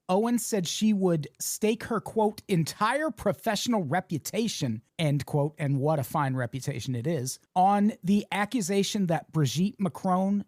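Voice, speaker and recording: A man's voice: high-pitched, no echo, studio quality. Sardonic, profane American podcast host man. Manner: sardonic, profane, laughs often. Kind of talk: casual comedic news chat.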